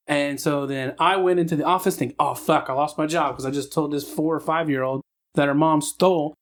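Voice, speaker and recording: A man in his thirties co-hosting a casual podcast, with a voice pitched a bit higher than most men. He tells stories with plenty of swearing and jumps into the voices of the people he quotes. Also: fairly quick. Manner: profane, animated storyteller acting out quoted people. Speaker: podcast co-host. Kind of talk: casual chat, storytelling.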